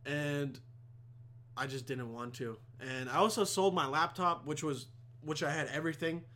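A man's voice: on the high side, normal speed, sharp tone. A young man hosting a podcast, telling a rambling, heavily profane story in a casual monologue. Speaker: podcast host.

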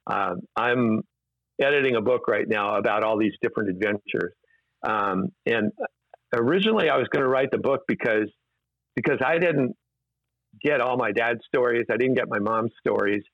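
A man's voice: mid-range voice, normal speed, no echo. A man, an interview guest, telling rambling anecdotes casually with many fillers and restarts, in a dull, dry lo-fi recording.

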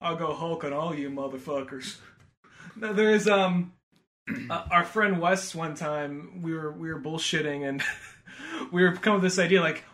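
A man's voice: fairly high pitch, fairly bright tone. A man hosting a podcast, riffing in a rambling, laughing casual chat. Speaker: podcast host.

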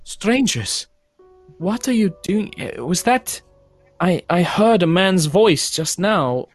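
A man voicing a frightened young noblewoman haunted by a vampire, stammering and halting. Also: sits high, lively intonation, faint music behind, voice pushed up, heavily acted. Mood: distraught. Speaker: game master voicing a character.

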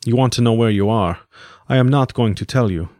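A man voicing an impassive middle-aged male scientist who holds a prisoner, speaking slowly and without a smile. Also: medium pitch, a little mellow, dry recording, studio quality, natural voice. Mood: cold. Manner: slow, measured, unsmiling.

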